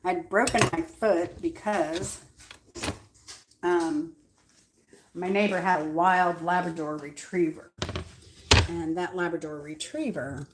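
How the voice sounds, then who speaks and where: A woman's voice: fairly low pitch, steady tone, slow, long pauses, noisy background. A woman, chatting at home in her kitchen, rambling through stories with many fillers and frequent laughs. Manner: laughs often while telling stories. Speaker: cooking vlog host. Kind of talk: casual storytelling chat.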